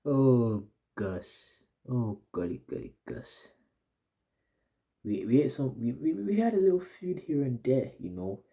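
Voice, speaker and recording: A man's voice: mid-range voice, sing-song, unhurried, gravelly, dark tone. A young man telling a story to his audience in a casual, rambling, slang-heavy way, repeating himself often. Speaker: vlogger.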